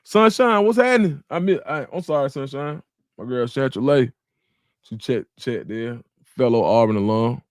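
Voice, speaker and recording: A young man, hosting a casual livestream and reading viewers' comments aloud in an animated way. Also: medium pitch, unhurried, no room sound, studio quality. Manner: animated, talks to the chat, reads comments aloud. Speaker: livestream host.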